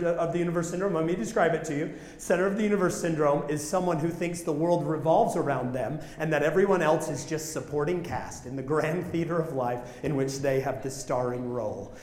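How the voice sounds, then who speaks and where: A man's voice: on the high side, darkish tone. A man preaching a storytelling sermon in a conversational way, often asking the audience questions. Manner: conversational, asks the crowd questions. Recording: echoey hall, faint ambience.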